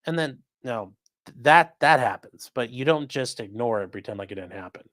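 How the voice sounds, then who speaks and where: A man's voice: mid-range voice, lively intonation, a little fast, a bit bright, no room sound, studio quality. A man hosting a casual commentary show who swears freely and acts out the quoted lines in changing voices. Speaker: host.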